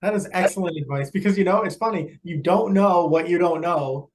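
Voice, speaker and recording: A man's voice: high voice, fairly quick, slight background noise. A man hosting an interview podcast, upbeat and affirming as he wraps up with questions. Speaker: podcast host. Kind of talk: casual interview talk.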